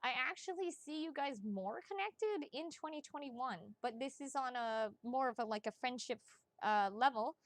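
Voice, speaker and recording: A woman giving psychic readings on a casual live stream, chatty and excitable, swearing freely and talking straight to her viewers. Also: high-pitched, moderate pace, no room sound.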